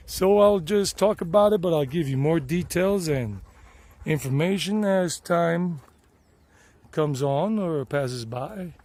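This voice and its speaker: Chatty Southern American man, higher voice. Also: a little mellow. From United States. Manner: rambling, chatty, self-correcting. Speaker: vlog host. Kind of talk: casual outdoor vlog talk. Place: outdoors in the countryside.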